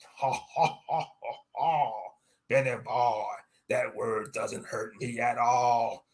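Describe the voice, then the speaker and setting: A man's voice: mid-range voice, level tone, slow pace, lightly acted. A man voicing a boastful, murderous male pirate captain who taunts in sea-dog slang and chuckles as he talks.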